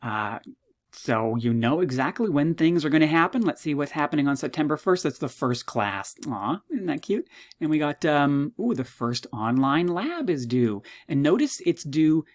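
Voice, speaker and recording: A man teaches a university psychology course in a recorded walkthrough. He talks fast and casually, with self-mocking jokes. His pitch jumps when something amuses him. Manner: chatty, self-mocking, jokey asides; quick, animated delivery with sudden pitch jumps.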